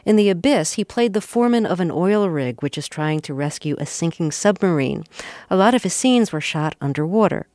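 Interviewer asking short questions, dry sound. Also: male voice, high-pitched, lively intonation, fairly quick, few pauses, darkish tone, no echo. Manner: brief prompting questions, laughs easily.

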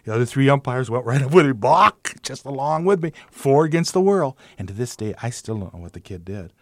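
A man's voice: mid-range voice, lively intonation, quick pace, a little mellow, no room sound. An older man, a retired umpire, telling baseball stories in an interview, acting out the people he quotes with big jumps in his voice and a self-mocking humor. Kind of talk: anecdotal storytelling in an interview.

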